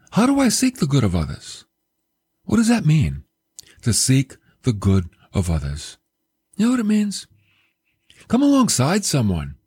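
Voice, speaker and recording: Male preacher, husky voice, lively swooping pitch, dry close sound, storytelling sermon. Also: no echo. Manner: storytelling, animated, self-deprecating.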